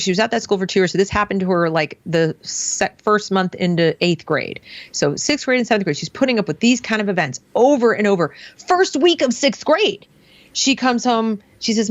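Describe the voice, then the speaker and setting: A woman guest telling a story casually in conversation, animated, and switching her voice when she quotes others. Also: a little fast, dry recording, dull audio. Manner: animated, acts out others' words with shifting pitch. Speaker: guest, parent and former teacher.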